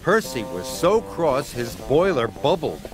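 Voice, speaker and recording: Slow, lively storytelling man. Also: medium pitch. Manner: gentle, expressive storytelling. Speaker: narrator. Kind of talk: scripted storybook narration. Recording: narration over background music. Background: music.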